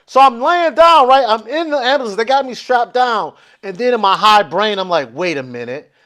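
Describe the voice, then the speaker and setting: A comedian guest on a comedy podcast tells a long, funny story, acting out quotes and swearing freely. His voice is very high, bright, and forceful, at a moderate pace.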